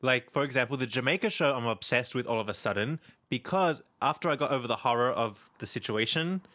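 A man's voice: mid-range voice, a little fast, bright, forceful tone, dry recording. A young adult man from Australia with an Australian accent, co-hosting a podcast in casual, chatty conversation. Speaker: podcast co-host. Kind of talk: casual chat.

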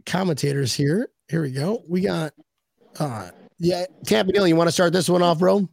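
A man's voice: a little high, normal speed, gravelly, darkish tone, no room sound. A man hosting a casual video-call chat show, telling rambling joking stories. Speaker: podcast host.

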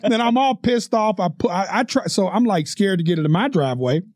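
Over clean studio audio with no room sound, a male podcast co-host rambles profanely through a crude story, laughing often. His high-pitched voice is expressive and brisk, with a darkish tone.

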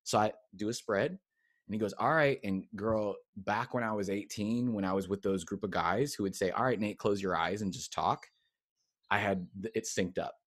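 A man's voice: fairly low pitch, normal speed, dry recording, studio quality. A middle-aged man, a coach and guest on an interview show, telling a personal story in a casual way and acting out the voices of people he quotes. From United States. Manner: animated storyteller who acts out quoted voices.

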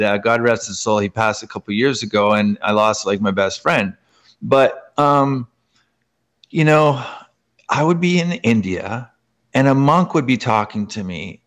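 A man from Canada, a guest author, telling personal stories in an interview, full of fillers and sudden jumps up in pitch. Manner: animated, filler-heavy, frequent jumps up in pitch. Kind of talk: emotional personal storytelling in an interview.

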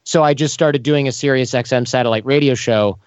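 A man in an interview, telling lively stories and acting out the voices of the people in them. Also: mid-range voice, brisk, smooth, no room sound, lo-fi sound. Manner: animated, acts out quoted voices. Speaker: podcast host as guest. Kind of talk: casual storytelling interview.

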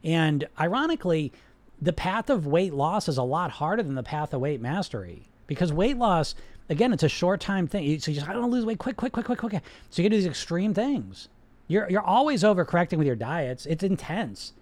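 A man with a high-pitched voice, recorded close and dry with no room sound. He coaches bluntly and emphatically, swears freely, and hammers his points with repeated words. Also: sing-song, normal speed, a little mellow, no echo. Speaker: weight-loss coach and podcast host. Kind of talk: unscripted coaching monologue to a live chat.

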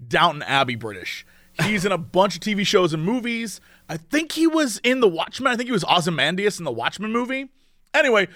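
A podcast co-host with a high, eager, fairly bright voice rambles through a casual chat, laughing often. The sound is close and dry, with no room around it.

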